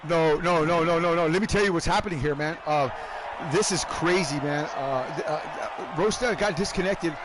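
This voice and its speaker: A high, keyed-up male voice calls a sim race and then chats with the drivers, whooping and hyping every finish. Loud game noise and engine sounds run under him the whole time. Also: normal speed. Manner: excitable, whooping, repeats "man" and "baby". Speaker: race commentator and league host. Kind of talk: live sim-racing commentary and post-race interviews.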